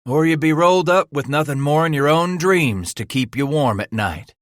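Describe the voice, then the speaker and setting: A man voicing a big, loud, swaggering frontier trapper leader in a gruff backwoods drawl, for an audiobook. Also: on the high side, lively intonation, normal speed, no room sound, clean studio sound, voice pushed up, natural voice. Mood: gruff bossy.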